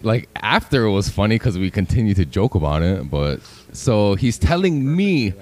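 A man's voice: lowish voice, big pitch swings, moderate pace, a little mellow. A man hosting a casual weed podcast, telling a long story in a laid-back, profane way. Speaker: podcast host. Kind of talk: casual stoner chat.

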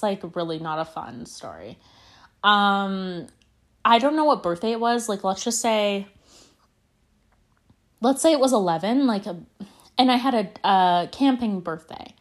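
A woman in her twenties talks through a casual solo podcast episode, meandering from thought to thought with plenty of fillers and self-corrections. Her voice sits at an ordinary middle pitch, and she leans into big, theatrical overstatements. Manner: rambling, chatty, full of "like" and restarts; dramatic, exaggerated declarations. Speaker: podcast host.

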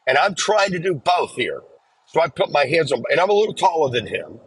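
A middle-aged man hosting a podcast, telling a story in a reflective, measured way and acting out the lines he quotes. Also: a little high, very animated, breathy edge, poor audio. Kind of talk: casual storytelling.

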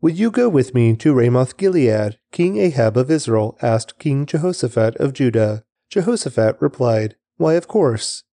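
A man reads scripture aloud in a lively, rising and falling delivery, with a mellow, darker tone to his voice. The sound is dry and close, with no room around it. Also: medium pitch, normal speed, hardly any pauses, dry recording. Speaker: Bible reader.

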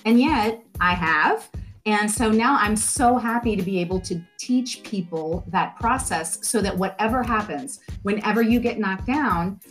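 A middle-aged woman, a life coach, talking as a podcast guest in a lively, expressive way with playful asides. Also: medium pitch, a little slow, soft background music. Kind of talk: podcast interview.

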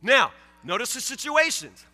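A man's voice: very high voice, very animated, moderate pace, sharp tone, big-room sound, soft background music. A male pastor preaching a sermon with emphatic repetition, acting out his listeners' objections. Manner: emphatic, repeats key phrases, acts out listeners' objections.

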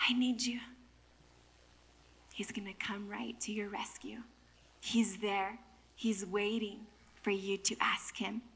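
A young adult woman preaching a sermon, telling stories with animated energy and dropping at times to soft whispers. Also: medium pitch.

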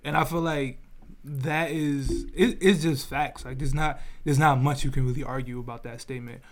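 A man on a casual podcast speaking in relaxed slang, full of restarts and "you feel me" asides. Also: medium pitch, moderate pace. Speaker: podcast co-host.

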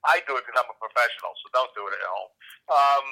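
A man's voice: mid-range voice, quick pace, creaky, bright, forceful tone. A man talking by phone from his car, a self-deprecating joker who halts with many ums. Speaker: podcast guest. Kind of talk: casual chat. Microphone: phone headset. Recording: tinny phone line.

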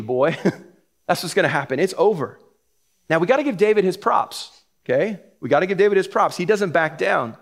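Man, middle-aged, pastor, casual joking sermon, high-pitched voice. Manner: casual and joking, laughs between points. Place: church sanctuary.

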